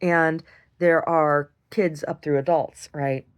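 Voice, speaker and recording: Frank, low-pitched woman venting. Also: takes it slowly, clean tone. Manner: animated, frank storytelling with lots of "like" and "right?". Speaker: video diarist. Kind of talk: casual monologue.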